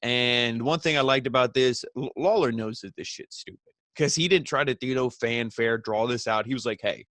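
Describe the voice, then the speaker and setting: A man talks through a wrestling episode in a loose, rambling recap, leaning on filler phrases and dropping casual swears. His voice sits at an ordinary middle pitch. The recording is close and dry, with no room sound. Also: normal speed, fairly bright tone, no room sound. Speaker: wrestling show reviewer.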